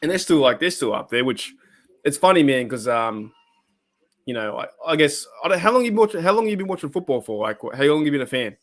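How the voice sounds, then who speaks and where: A man's voice: fairly high pitch, quick pace. Rambling Australian man, live-stream host. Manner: rambling, animated, swears freely. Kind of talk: casual live-stream chat.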